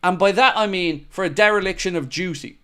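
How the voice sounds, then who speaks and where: A young man hosts a live football reaction stream, reading viewers' comments aloud and answering them in easy, matey banter. His voice sits a little high and comes through smooth and clear. He turns blunt and fired up when talking about the match. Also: a little fast, a bit bright. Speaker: host of a football fan show.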